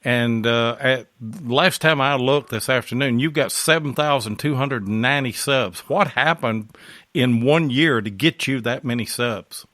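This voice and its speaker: A man's voice: medium pitch, unhurried, fairly bright tone, no echo, clean studio sound. A man hosting a podcast, telling folksy stories in a casual chat and laughing through them. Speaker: podcast host.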